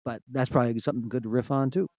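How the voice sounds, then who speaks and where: Brief: adult male co-host, reflective and measured, average pitch, dry close recording. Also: steady tone, darkish tone, no echo. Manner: reflective and thoughtful, measured phrasing. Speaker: podcast co-host, former bass player. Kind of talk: casual chat.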